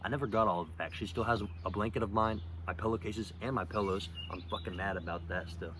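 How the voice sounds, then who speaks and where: A man's voice: on the low side, fast, background noise. A young man telling a personal story in a casual, rambling way, swearing often and filling gaps with ums and likes. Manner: rambling, profane, full of fillers; gets louder and more animated in later stretch. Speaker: vlogger.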